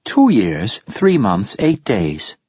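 A man's voice: on the low side, huge pitch swings, slow pace, a little mellow, breathy edge, dry recording, full character voice. A man voicing a polite female android. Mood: composed. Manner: composed, courteous, precise. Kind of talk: audiobook character voice. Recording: slightly dull audiobook recording.

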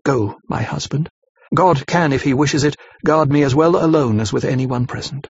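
A man voicing a gentle, brave young woman who speaks in an earnest, measured way, on a slightly muffled dry recording. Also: medium pitch, husky. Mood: steadfast.

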